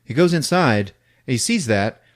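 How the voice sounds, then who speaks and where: A man casually recapping a horror film on a podcast, acting out shouts and sound effects and laughing as he goes. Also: medium pitch, normal speed. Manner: animated retelling with acted-out shouts and sound effects; laughs often while talking. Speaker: podcast host.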